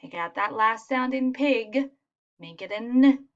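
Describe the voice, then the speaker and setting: Woman teacher, slow encouraging phonics lesson, slightly muffled recording. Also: fairly high pitch. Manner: slow, patient and encouraging, spelling out sounds.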